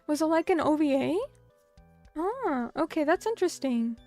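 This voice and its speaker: A young woman chats with her stream audience in a high, bubbly voice. She is chatty and full of fillers as she reacts to comments. The sound is dry and close, with soft music playing underneath. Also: expressive, moderate pace, no echo. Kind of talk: casual chat with viewers.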